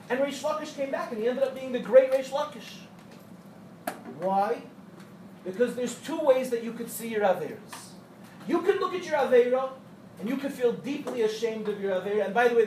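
A high-pitched man leads a storytelling Torah class, voicing the people in his parables and joking with his listeners. He sounds distant, in an echoey room with a faint hum behind him. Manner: animated storyteller who acts out quotes and jokes with the audience. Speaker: Torah teacher addressing young women.

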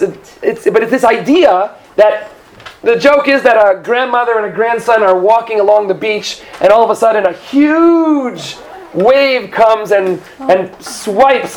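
A man teaching a Torah lesson to a class, telling jokes and stories in an animated, chatty way. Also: sits high. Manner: animated storytelling with joking asides.

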